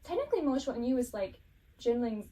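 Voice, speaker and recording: A woman's voice: a little high, big pitch swings, brisk, dark tone, distant mic. A woman casually recapping a show, rambling and giggling, with lots of fillers.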